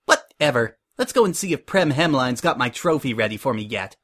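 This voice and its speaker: A man's voice: medium pitch, lively intonation, fairly quick, fairly bright tone, husky. A man voicing a rude, bossy young female pony designer with a scoffing manner. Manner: scoffing, demanding.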